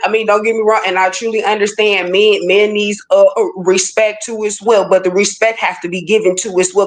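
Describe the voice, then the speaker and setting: A woman speaking as a guest in a casual talk, making her points emphatically and repeating them firmly. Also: mid-range voice. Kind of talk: casual conversation.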